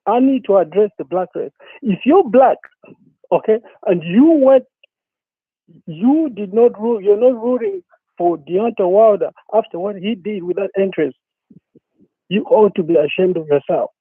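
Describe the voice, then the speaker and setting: A man's voice: high voice, expressive, a little slow, slightly rough, no room sound. A man calling in to a talk show, ranting with a profane, repetitive, worked-up manner. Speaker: caller. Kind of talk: angry phone-in rant. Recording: tinny phone line.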